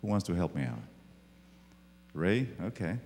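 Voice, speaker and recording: Slow, dramatic preacher in an echoey church. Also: male voice, low voice, big pitch swings, creaky, a little hiss or hum. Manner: dramatic, swings from loud to hushed. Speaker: pastor. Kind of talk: sermon. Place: church sanctuary.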